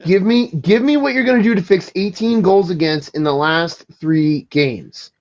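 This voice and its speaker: A man's voice: high-pitched, moderate pace, darkish tone, dull audio. A man co-hosting a sports podcast, pressing the same questions again and again and venting frustration. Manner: insistent, repeats his questions, frustrated fan. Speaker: podcast co-host. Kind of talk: casual sports chat.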